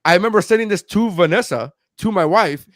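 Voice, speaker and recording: A man's voice: high voice, a little fast, no room sound. Profane storytelling man, dry close sound. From South Florida. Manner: profane, animated storytelling with quoted voices. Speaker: podcast co-host, comedian. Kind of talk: casual storytelling.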